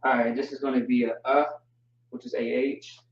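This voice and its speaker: In an online language lesson, a medium-pitched man keeps things loose and jokey, spelling words out at a slow pace. His audio comes across dull, roomy, and far from the mic.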